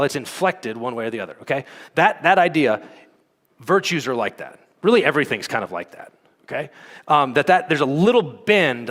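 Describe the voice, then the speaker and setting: A man's voice: mid-range voice, a bit bright. Guy giving a conference talk, chatty with lots of ums, voice echoing around a big hall. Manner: conversational, frequent fillers and "okay?" check-ins. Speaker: conference speaker. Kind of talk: teaching talk. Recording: long hall reverb.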